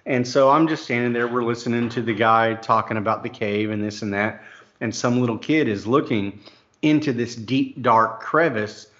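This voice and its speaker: A middle-aged man chats and tells a story, and he laughs easily. His voice is mid-pitched. The sound is dull and lo-fi. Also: a bit bright. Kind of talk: casual storytelling.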